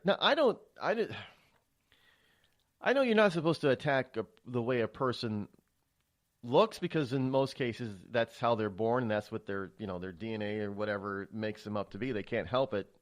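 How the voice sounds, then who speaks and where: A man hosting a political talk radio show, rambling and stammering through a monologue with many restarts. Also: medium pitch.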